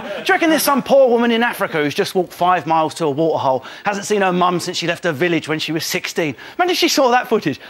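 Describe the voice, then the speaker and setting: A man with a Cockney accent doing a cheeky comic monologue on a TV panel show, riffing quickly. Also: high-pitched, sing-song, a bit bright. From London. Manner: quick cheeky jokey delivery, mimicking people. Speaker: comedian panelist.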